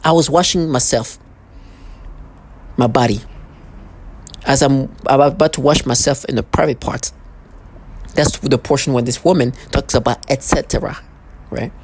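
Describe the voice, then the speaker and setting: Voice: medium pitch, measured pace, long pauses, rough recording. Heated, stammering ranting vlogger. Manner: heated, threatening, repeats and restarts words. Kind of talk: angry ranting monologue.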